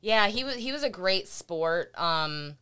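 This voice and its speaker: Slow, bright-voiced woman co-host. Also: fairly low pitch, animated, clean tone. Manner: brief, dry interjections. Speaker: podcast co-host, show organizer. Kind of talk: casual chat.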